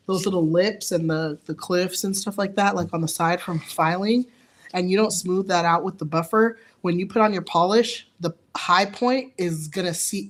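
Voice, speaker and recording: A woman's voice: fairly low pitch, a little hiss or hum. A young woman nail artist giving a casual live tutorial, chatty and laughing at her own slips.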